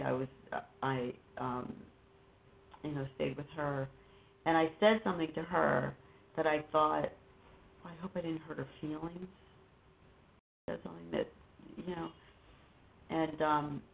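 A woman guest talking casually and haltingly about her life, with many fillers and restarts. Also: deep voice, vocal fry. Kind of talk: casual personal conversation. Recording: phone-like line with faint noise.

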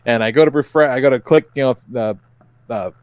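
A man's voice: medium pitch, quick pace, dry recording, lo-fi sound. A man co-hosting a comedy podcast, telling stories casually with lots of swearing and acted-out quotes. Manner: profane, animated storytelling, acts out quotes. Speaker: podcast co-host.

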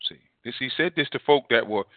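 A man preaching a sermon, emphatic and repetitive, swinging between loud and soft. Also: mid-range voice, fast, no room sound. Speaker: pastor. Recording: dry phone-like audio.

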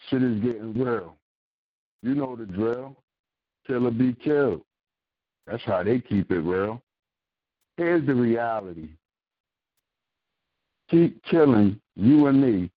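A man's voice: lowish voice, animated, takes it slowly, pauses often, no room sound. A man from Philadelphia calling in to recite a spoken-word poem with a rhythmic, punchy delivery. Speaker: caller, poet. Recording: dull, lo-fi call-in line.

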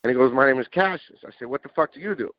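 A man telling stories as a podcast guest in a casual, animated way, swearing and acting out what people said. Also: medium pitch, very fast, no room sound. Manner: animated, swears, acts out quotes. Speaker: interview guest, music producer. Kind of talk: casual storytelling. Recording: dull lo-fi dry sound.

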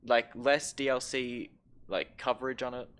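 A man's voice: medium pitch, level tone, normal speed, a bit bright, clean tone. Rambling young man, casual swearing. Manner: rambling, swears a lot, stammers restarts. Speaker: podcast co-host. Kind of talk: casual chat.

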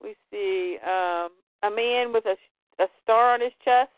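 A woman co-hosts a casual podcast, retelling a comic book story and quoting its characters in slightly altered voices. Her voice is medium-pitched and her pace measured. The recording is dry and phone-like, with no room sound.

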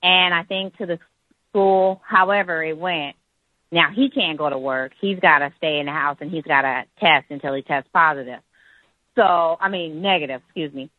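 A middle-aged woman phones in and tells a story in a chatty, halting way, pausing on fillers as she goes. Her voice sits a little low. The line is tinny and dry. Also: no echo. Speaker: caller. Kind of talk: call-in story.

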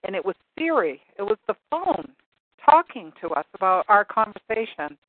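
A woman's voice: mid-range voice, big pitch swings, normal speed, no room sound. Chatty woman host on a tinny line. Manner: chatty, amused, rambling anecdote. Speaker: radio call-in show host. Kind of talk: casual storytelling on a call-in show. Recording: tinny phone-line sound.

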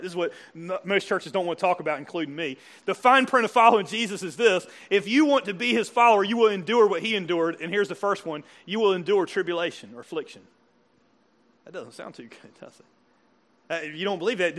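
A man's voice: high-pitched, pushed and bright. A pastor preaching a sermon to a church congregation, conversational and full of questions to his listeners. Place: church service before a congregation.

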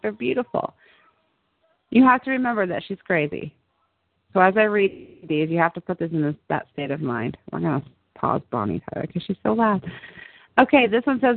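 A woman's voice: mid-range voice, gravelly, no room sound. Chatty woman on a tinny line. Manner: chatty, laughs often, repeats words. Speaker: show host. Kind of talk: casual chat about TV. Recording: tinny phone-like line, dry.

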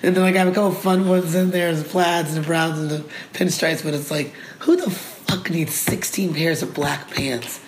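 A woman comedian chatting in a candid, rambling way, with a gravelly rasp in her voice. The room is echoey, and a faint background ambience hums underneath. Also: sits low, steady tone, moderate pace, hardly any pauses. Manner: candid, rambling, laughs often. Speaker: stand-up comedian, guest. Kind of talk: casual chat. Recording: roomy with faint ambient noise.

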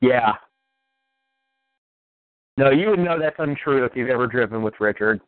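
A man who is a podcast guest, chatting casually and rambling excitedly, laughing often. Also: medium pitch, normal speed, dry recording. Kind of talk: casual chat. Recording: phone-like narrow line, dry.

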